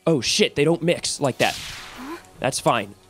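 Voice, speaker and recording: A woman playing a video game and commentating, excitable, swearing and shrieking. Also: very deep voice, unhurried. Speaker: gamer. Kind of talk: let's play commentary. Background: game music.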